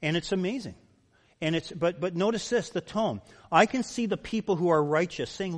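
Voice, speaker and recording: A man's voice: high-pitched, normal speed. A male pastor preaching a sermon, emphatic and full of rhetorical questions. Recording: long reverb of a large hall.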